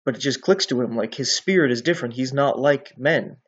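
A man talks through a Bible passage in a loose, conversational way, now and then checking in with his listener. His voice sits at an ordinary middle pitch. The recording sounds a little dull and lo-fi. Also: brisk, slightly rough. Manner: conversational, often ends with "right?". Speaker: bible teacher. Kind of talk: casual bible teaching.

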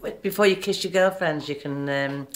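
A woman's voice: deep voice, moderate pace. A woman, a mother chatting and giggling as she films her son opening presents. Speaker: mother filming. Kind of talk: casual family chat on home video.

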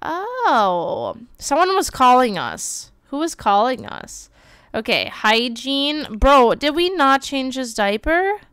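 Woman, game streamer, smooth clear voice, dry close sound, animated exclaiming. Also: high-pitched, no echo. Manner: animated, bursts of exclaiming and quick read-outs. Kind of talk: live gameplay commentary.

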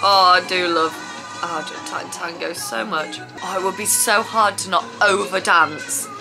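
A woman reacting to a dance show in casual, gushing commentary that swings between squeals and quiet awe. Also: fairly low pitch, a little slow, poor audio. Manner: excitable, gushing, squeals and laughs. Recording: loud TV music behind the voice. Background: TV show music playing.

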